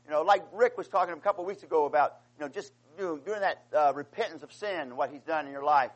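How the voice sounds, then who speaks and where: With passion, a man preaches a sermon that swings from quiet explanation to loud, pleading outcries, calling "amen" to his congregation. His voice is fairly high and he talks fast, and the recording is rough.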